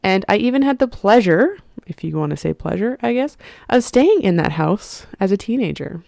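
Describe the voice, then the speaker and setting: A woman's voice: mid-range voice, very animated, normal speed, vocal fry, a little mellow, no room sound, clean studio sound. A young woman hosting her own podcast, chatting casually and musing aloud, with lots of "you know". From Saskatchewan, Canada. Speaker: podcast host. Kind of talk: casual solo podcast talk.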